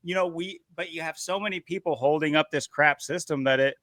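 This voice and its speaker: Intense, argumentative man with higher pitch. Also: a little fast, a bit bright, no room sound, studio quality. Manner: intense, argumentative, building his point. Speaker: podcast co-host. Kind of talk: casual chat.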